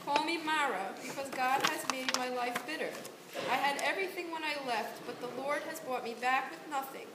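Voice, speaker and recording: A woman's voice: high-pitched, moderate pace, lightly acted. A woman volunteer reading the part of Naomi, a grieving widow, aloud in church. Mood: bitter. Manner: earnest plain read-aloud delivery. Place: church sanctuary. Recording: echoey church room with hiss.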